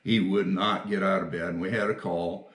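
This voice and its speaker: An older retired firefighter telling stories in a casual interview, folksy and quick to laugh. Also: male voice, low-pitched, little pitch movement, a bit bright, reverberant.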